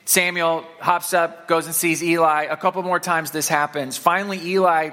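A man's voice: a little high, little pitch movement, sharp tone. A man from the Saint Louis area preaching a sermon to his church in a conversational way, with fillers and repeated words. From Saint Louis area, Missouri. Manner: reads scripture aloud, slowing for emphasis. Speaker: pastor.

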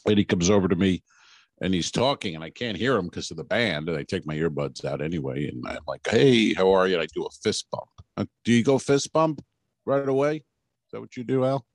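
A man's voice: deep voice, fairly quick, dry recording. A man co-hosting a comedy podcast, telling a story bluntly and laughing at himself. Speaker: podcast co-host. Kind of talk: casual comedy banter.

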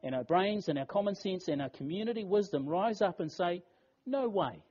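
A man preaches a funeral sermon with a slightly high yet mellow, husky voice. He tells the story earnestly and leans on rhetorical questions. The recording sounds dull and lo-fi. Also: a little fast. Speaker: pastor.

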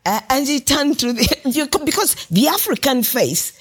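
A woman's voice: high voice, normal speed, breathy edge. A woman with a Ugandan English accent, a guest author telling stories with lots of laughter in a podcast interview. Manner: animated anecdotal telling, laughs often.

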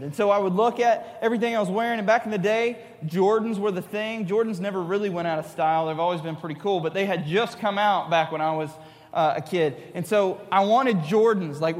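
A man in his thirties giving an animated talk to middle schoolers, acting out his younger self. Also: high voice, long reverb tail. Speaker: youth speaker.

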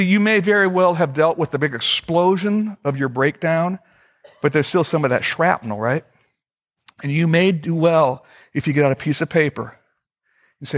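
Earnest pastor preaching, higher-pitched man. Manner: earnest, repeats key phrases slowly for emphasis. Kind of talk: sermon.

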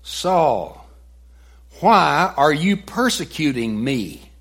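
A man voicing a calm, commanding divine voice from heaven. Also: fairly high pitch, extremely slow, husky, full character voice.

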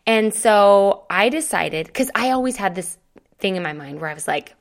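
A woman in her thirties telling a personal story in a chatty, animated way, acting out quoted dialogue. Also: medium pitch, moderate pace, gravelly. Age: 30s. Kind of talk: casual storytelling to camera.

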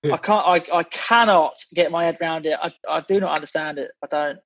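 A man's voice: on the high side, fairly quick, fairly bright tone, lo-fi sound. A man from England, a podcast guest in casual chat, blunt and swearing, with many restarts as he grumbles.

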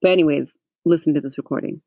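A man co-hosting a podcast, chatting casually in an animated, slangy, laughing way. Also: fairly high pitch, fast, creaky, a little hiss or hum. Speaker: podcast co-host. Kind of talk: casual chat. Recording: dry, phone-like sound.

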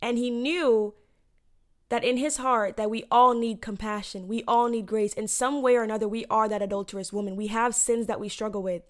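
A woman's voice: a little high, fairly even intonation, normal speed. A young woman casually retelling a Bible story to her viewers, chatty and slangy with lots of "like" and "you know".

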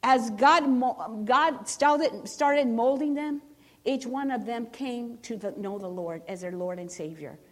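A middle-aged woman with a slightly raised pitch gives a personal testimony at a church service. She speaks earnestly and emphatically, circling back and restarting her phrases as she presses her point. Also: measured pace. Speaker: church member giving testimony.

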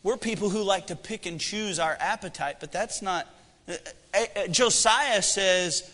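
A man in his thirties preaches with a high, bright, forceful voice, mixing humor and pointed questions. The sound carries a long reverb from a church hall. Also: unhurried. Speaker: pastor. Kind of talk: sermon.

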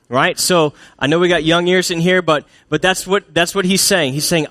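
A man's voice: sits high, steady tone, normal speed, few pauses, fairly bright tone, dry recording. A man preaching a sermon in a church, speaking in a humorous, conversational way and asking the congregation questions. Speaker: pastor.

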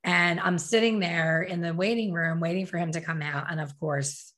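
A middle-aged woman tells a personal story with a slightly low voice. She is candid and emotional, and often corrects herself mid-sentence with quick asides. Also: steady tone, a bit bright. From Philadelphia.

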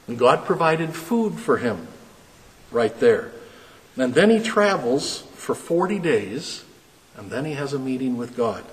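A man preaching a sermon, reading scripture dramatically and then explaining it in a lowered, earnest voice. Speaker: pastor. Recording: long reverb.

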